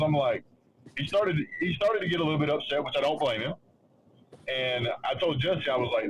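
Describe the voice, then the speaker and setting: Halting man telling a story. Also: fairly high pitch, dull audio, slight background noise. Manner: halting, restarts often, acts out others' lines. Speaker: show host. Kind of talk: casual chat, telling a story.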